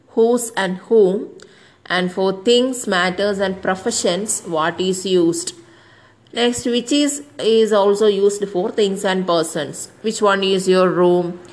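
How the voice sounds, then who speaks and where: A woman's voice: medium pitch, poor audio. A woman teaching an English grammar lesson, spelling out words letter by letter and working through example sentences.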